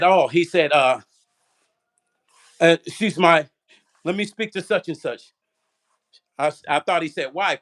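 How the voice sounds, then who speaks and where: An older man hosting a vlog, telling a story straight to his viewers in an animated, profane way. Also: on the high side. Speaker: vlog host. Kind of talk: casual livestream storytelling.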